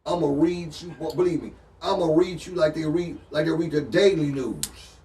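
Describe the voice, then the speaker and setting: A man's voice: fairly high pitch, moderate pace, dark tone, recorded from a distance, a little hiss or hum. A man co-hosting a casual advice chat, talking in a blunt, preachy, slangy way. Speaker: co-host.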